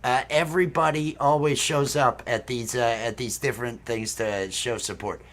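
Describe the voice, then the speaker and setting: A man's voice: medium pitch, fairly even intonation, normal speed, fairly bright tone. Rambling easygoing male livestream host. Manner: rambling, many fillers. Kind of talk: casual chat on a livestream.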